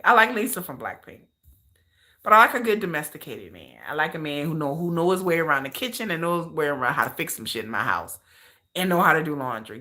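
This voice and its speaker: A woman hosting a livestream in casual chat, animated and slangy, often laughing as she talks. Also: deep voice. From United States. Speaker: livestream host.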